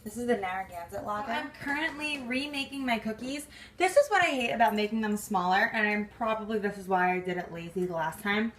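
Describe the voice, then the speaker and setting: A woman's voice: medium pitch, fairly quick, a bit bright. A young woman vlogging in a casual, chatty way, saying "like" constantly and laughing through her frustration. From New York. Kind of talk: casual vlog chat.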